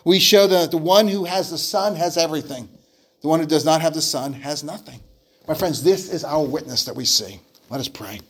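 A man's voice: a little high, fairly quick, breathy edge. A man preaching a sermon, telling an illustration story in an earnest way and often repeating words as he restarts phrases.

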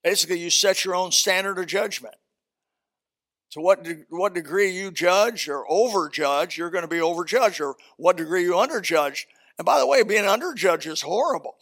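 Male pastor, sermon, gravelly, raised pitch, folksy and animated delivery. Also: moderate pace. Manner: animated preaching, folksy asides, swings from shouting to quiet.

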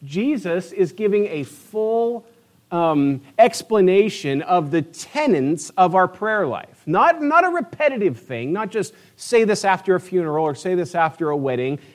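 Male pastor, sermon delivery, earnest conversational preacher, slightly high pitch. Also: big pitch swings, moderate pace, hardly any pauses. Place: church sanctuary.

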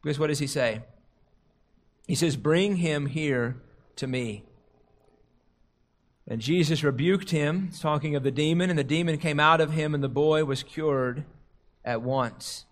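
Earnest male preacher, rather high voice. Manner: earnest, slows and softens on quoted prayers and scripture; rises in pitch and volume when stressing a point. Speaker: pastor. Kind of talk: sermon.

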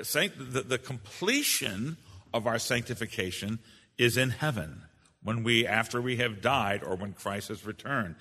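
A man preaches with an earnest, emphatic delivery, doubling back on his words as he teaches. His voice is bright and forceful. A long hall reverb trails behind each phrase. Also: medium pitch. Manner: earnest and emphatic, with frequent quick restarts. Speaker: preacher teaching a confession of faith. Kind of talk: sermon-style teaching.

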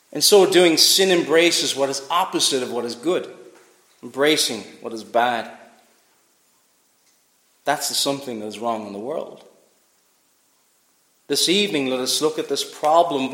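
A man preaching to a congregation, leaning hard on key words and posing rhetorical questions. His voice sits a little high for a man. The sound carries the echo of a church sanctuary. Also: a bit bright. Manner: emphatic, rhetorical questions, reads scripture aloud. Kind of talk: sermon.

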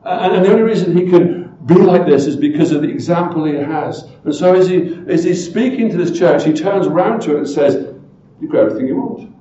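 A man preaching a sermon as pastor, emphatic and full of rhetorical questions, often swinging from loud to hushed. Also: a little high, a little fast, roomy sound, highs cut off, slight background noise.

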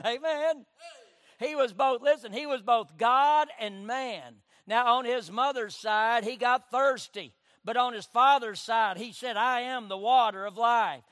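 High pitched pastor guy preaching, dry mic, says amen a lot, gets loud then quiet. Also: dry recording. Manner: preaching with call-and-response amens, swinging from loud to hushed. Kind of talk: sermon.

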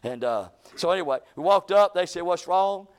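A man's voice: fairly high pitch, animated, a little fast. A male pastor, telling a folksy story in a sermon to his church, with emphatic rises in his voice. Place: church sanctuary.

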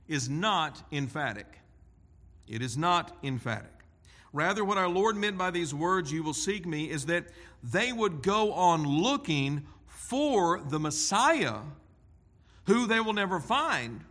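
Man, preacher, bright voice, slow deliberate delivery, long hall reverb. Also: a little high. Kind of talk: expository sermon.

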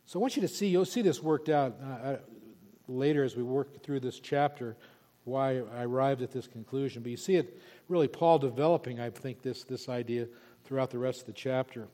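A pastor preaching an expository sermon, emphatic and repeating key words for stress. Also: male voice, medium pitch, fairly quick, warm tone. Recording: long reverb of a large hall.

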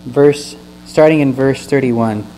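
A man's voice: medium pitch, slow pace, warm tone, rough recording. A man preaching a sermon, reading scripture aloud and explaining it with earnest stresses and questions to the listeners. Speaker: pastor. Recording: faint mains hum.

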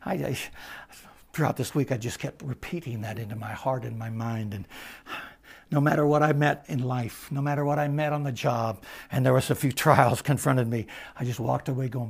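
Gravelly male preacher, mid-pitched, sermon that swings from hushed to loud.

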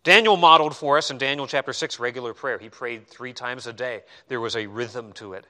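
Bright-voiced male preacher, conversational. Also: mid-range voice, a little fast. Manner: animated, conversational preaching with self-deprecating asides. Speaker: pastor. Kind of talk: sermon.

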